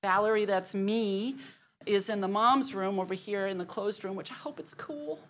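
A woman's voice: medium pitch, normal speed. A middle-aged woman leading a women's church group, telling a story with frequent laughter and then praying. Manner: chatty, laughing often, animated storytelling. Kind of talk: casual group announcements and prayer.

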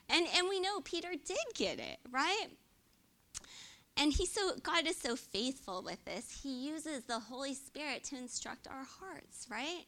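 A woman teaching the Bible in a chatty, conversational way, with a bright, forceful edge to her voice. She sits a little higher in pitch than most women and keeps asking her listeners "right?" as she goes. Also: moderate pace. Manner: chatty and expressive, often adds "right?".

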